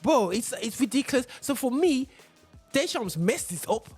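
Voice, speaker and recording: A man's voice: extremely high pitch, moderate pace, slightly rough, soft background music. A man hosting a casual football podcast, talking emphatically and often repeating himself as he argues his point. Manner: emphatic, animated, repeats words. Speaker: podcast host.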